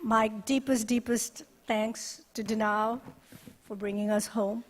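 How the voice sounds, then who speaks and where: A woman's voice: on the high side, steady tone. Earnest woman speaking in a hall. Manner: measured, earnest delivery with deliberate pauses. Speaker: director of a university LGBTQ resource center. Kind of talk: ceremony speech. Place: ceremony hall.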